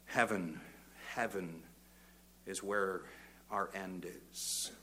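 An older man, preaching a sermon that moves from quiet reflection to loud, fervent exhortation. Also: deep voice, fairly even intonation, very slow, slight background noise. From Northern Ireland.

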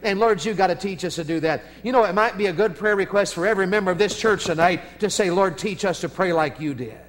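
A man preaching a revival sermon, telling a story in a folksy, animated way and building to loud, high passages. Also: fast talker. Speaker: evangelist preacher. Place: church sanctuary. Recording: long hall reverb.

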